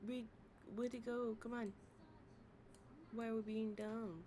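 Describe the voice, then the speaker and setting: A woman's voice: a little high, little pitch movement, slow pace, warm tone, slight background noise. A woman of thirty hosting a casual livestream, reacting bluntly and sassily and swearing freely as she talks to her chat. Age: 30s. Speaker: livestream host reacting to another streamer.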